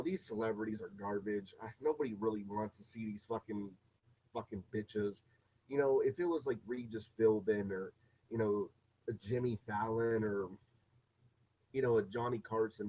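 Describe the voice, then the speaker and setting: A man's voice: lowish voice, a little mellow, slightly rough, highs cut off. A man ranting casually in a rambling, profane, off-the-cuff way. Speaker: vlogger.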